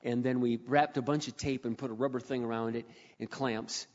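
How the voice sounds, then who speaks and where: A man telling a personal story in a sermon, animated, dropping to a hush and then rising to loud exclamations. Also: mid-range voice, brisk. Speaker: speaker. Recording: echoey hall, dull lo-fi sound.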